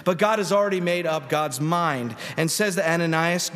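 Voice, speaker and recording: A man's voice: a little high, moderate pace, few pauses, fairly bright tone. A man preaching a sermon as pastor, in a conversational style with rhetorical questions to the congregation. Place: large church sanctuary. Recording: long reverb of a church hall.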